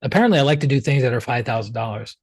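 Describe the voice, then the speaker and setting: A man, a healer, telling his story as an interview guest in a chatty, animated way, often using "like" and acting out what others said. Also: medium pitch, rapid-fire, no room sound. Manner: chatty and animated, acts out quoted dialogue, many "like" fillers. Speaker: pranic healer, podcast guest.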